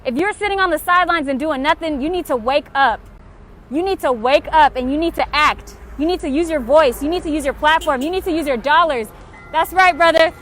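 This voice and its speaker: A woman's voice: high-pitched, a little fast, a bit bright. A young woman livestreaming outdoors on a city street, making frustrated, tired, urgent and repetitive calls to action. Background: faint passing traffic and honking.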